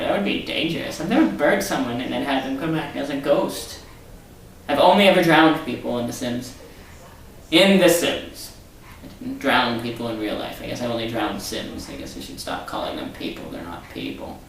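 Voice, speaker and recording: A man's voice: medium pitch, sing-song, brisk, creaky, fairly bright tone, far from the mic. Sarcastic ranting man in an echoey room. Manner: sarcastic, rambling rant. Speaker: vlog host. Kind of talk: casual vlog monologue. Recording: echoey room, off-mic, faint hiss.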